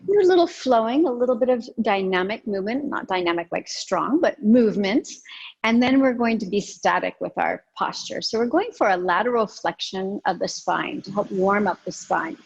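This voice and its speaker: A woman teaching a yoga and breathing class, giving calm, gentle cues with soft pauses. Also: medium pitch, vocal fry, husky, muffled recording. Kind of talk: guided yoga and breathing instruction.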